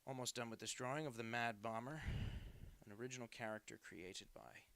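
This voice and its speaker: A man's voice: mid-range voice, a little fast, fairly bright tone. An American man in his twenties, a cartoonist chatting casually on a live stream while drawing, rambling and self-deprecating. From United States.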